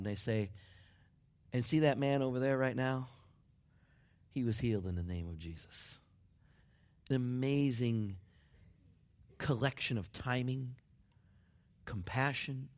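A man preaching a sermon, dropping to near whispers and building up to excited shouts. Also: mid-range voice, unhurried, long pauses. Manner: dramatic swings from hushed to shouting. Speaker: pastor.

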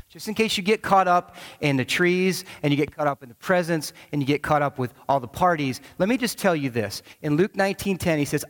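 A man preaching in a large church, his slightly high voice trailing off into a long hall reverb. He tells his story with energy and acts out the voices he quotes. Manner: animated storytelling, acting out quotes. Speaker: pastor. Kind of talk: sermon with personal story.

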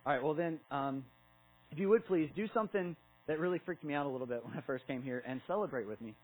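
A man's voice: a little high, fast, darkish tone, poor audio. A man in his thirties preaching a sermon, casual and conversational, acting out Bible stories with filler words. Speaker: pastor.

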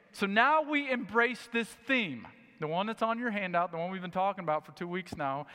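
A man preaching a sermon, reading scripture and acting out the story with lively asides. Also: a little high, big-room sound. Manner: animated storytelling, acting out scenes. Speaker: pastor.

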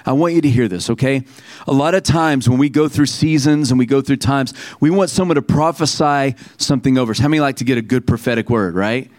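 A man preaching a sermon to a congregation. He reads scripture aloud slowly and with emphasis, and calls on the listeners to repeat lines back to him. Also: mid-range voice, darkish tone, no echo. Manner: preaching with call-and-response to the congregation. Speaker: pastor.

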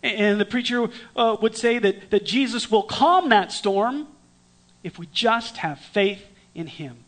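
A man preaching a storytelling sermon in a conversational way, with dramatic swings from lively to hushed. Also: high voice, unhurried. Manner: conversational with restarts.

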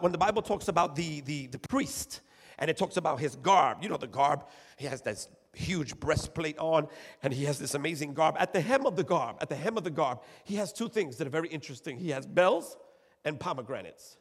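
A man's voice: on the high side, lively intonation, fairly quick, breathy edge. A man preaching a sermon, calling out to the congregation and repeating his phrases. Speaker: pastor. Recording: long echo of a church hall.

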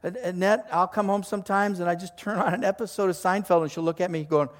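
A man's voice: high voice, steady tone, fast talker, big-room sound, a little hiss or hum. An older man preaching a sermon as a pastor, in a conversational, joking storytelling manner before a live congregation.

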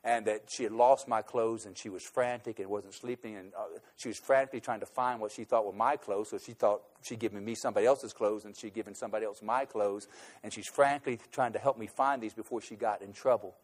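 A man telling a personal anecdote, shifting between loud, emphatic bursts and quiet, low asides. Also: fairly even intonation, fast talker. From United States. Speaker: speaker recounting a trip abroad.

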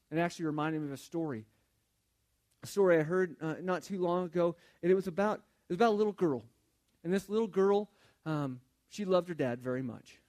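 A pastor preaches a sermon conversationally, telling a story and often repeating words as he builds his point. His voice sits high, a little fast and a little mellow.

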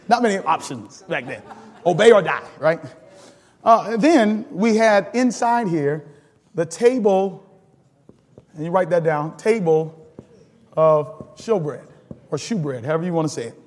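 A man's voice: a little high, a little slow, long pauses, long reverb tail. A man pastor teaching a sermon with call-and-response, laughing often and building to sudden emphatic rises.

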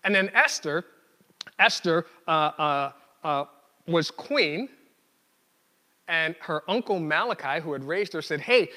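A male preacher with a high-pitched voice delivers a sermon in a relaxed, conversational way. He acts out the quotes and trips over restarts and fillers. His voice rings out in a long hall reverb. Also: takes it slowly, long pauses.

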